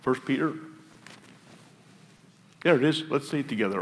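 A man's voice: medium pitch, lively intonation, moderate pace, long pauses. A man with an American Midwestern accent preaching a sermon in a church, chatty and joking between scripture readings. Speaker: pastor. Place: church sanctuary. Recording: distant mic in a reverberant church with faint ambience.

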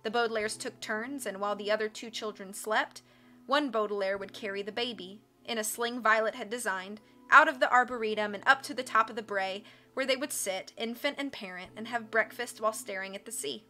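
A woman reading a book aloud on a live stream, with expressive narration and casual asides to her chat. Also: fairly high pitch, a little fast, soft background music.

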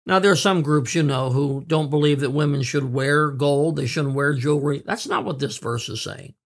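A man preaches a sermon in an earnest, plainspoken way. His voice sits a little high for a man. He trips over fillers and repeats words, then slows right down to lean on each key word. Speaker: pastor.

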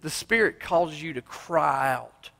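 A male pastor preaching a sermon in a church, swinging from loud cries to hushed asides. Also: a little high, lively intonation, unhurried, creaky. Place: church sanctuary. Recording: long reverb of a church hall.

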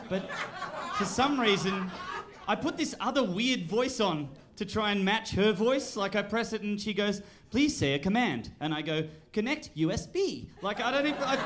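An Australian man doing stand-up comedy, telling animated stories that burst into shouting. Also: sits high, background noise. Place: comedy club stage. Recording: live club recording with loud crowd. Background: audience laughter.

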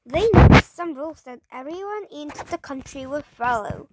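High-voiced woman reading a storybook. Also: lively intonation, very noisy. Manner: halting, rereads and corrects words. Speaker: storybook reader. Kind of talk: reading a children's story aloud.

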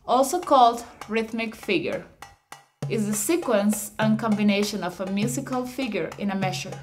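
Woman reading a music lesson over faint music. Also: mid-range voice. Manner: measured, explanatory reading with slightly awkward phrasing. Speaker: narrator of an instructional audiobook. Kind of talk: scripted instructional narration.

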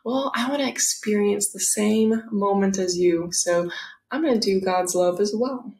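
Jesus, a woman voicing a kind gentle man. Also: medium pitch, measured pace, natural voice. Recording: roomy echo.

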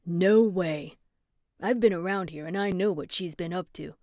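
A woman's voice: lowish voice, moderate pace, darkish tone, no echo, close to an everyday voice. Woman narrator as gushing man, emphatic, storybook reading, dry sound. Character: cheerful male spirit companion.

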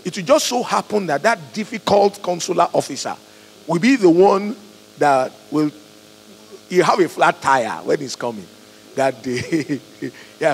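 Animated man preaching. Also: fairly high pitch, creaky, in a large hall, slight background noise, rough recording. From Nigeria. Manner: animated, acts out quoted voices, swings loud and soft. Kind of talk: sermon.

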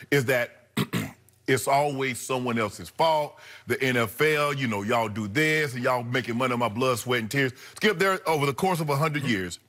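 A middle-aged man, co-hosting a sports debate show and arguing his points emphatically, jumping up in pitch to act out what others say. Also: fairly bright tone. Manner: emphatic, acts out quotes in a raised voice.

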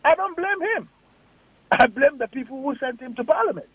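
Speaking expressively and a little fast in a very high-pitched voice, a male politician with a Ghanaian accent answers a radio interviewer. There is no room sound, the audio is dull lo-fi radio quality, and he fires off emphatic, indignant rhetorical questions.

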